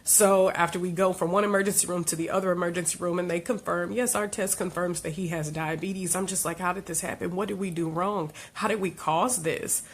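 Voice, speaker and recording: A woman speaking to camera as a life coach, sharing a personal story in an earnest, heartfelt way. Her usual voice sits fairly low, but it jumps up high when she gets frustrated or upset. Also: fairly even intonation, a little fast, few pauses, slight background noise. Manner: emotional, voice rising high when reliving frustration.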